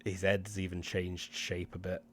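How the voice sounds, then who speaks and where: A man's voice: low voice, completely flat delivery, measured pace, fairly bright tone, slight background noise. A man running a tabletop game as game master, in a laid-back, joking manner. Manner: laid-back, laughs easily, swears casually.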